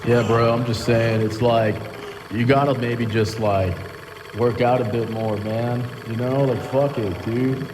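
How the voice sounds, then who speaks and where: Performer as a flat-voiced gym bro, laid-back, drawls "bro" and "man", live hall sound. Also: medium pitch, a little slow, pitched below the performer's own voice, close to an everyday voice. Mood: dismissive. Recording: live hall reverb with room noise.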